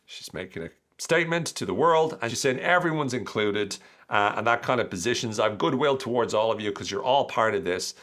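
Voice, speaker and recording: A man's voice: mid-range voice, lively intonation, fairly quick, a bit bright. Irish man breaking down political speeches. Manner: explanatory, reads quotes aloud then breaks them down. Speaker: podcast host. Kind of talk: analytical commentary.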